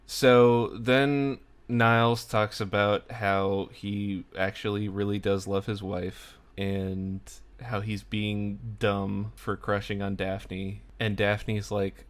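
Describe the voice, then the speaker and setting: A man's voice: on the low side, little pitch movement, slow pace. A young man casually recapping a sitcom episode for his vlog, chatty and full of "like" asides. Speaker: TV episode reviewer.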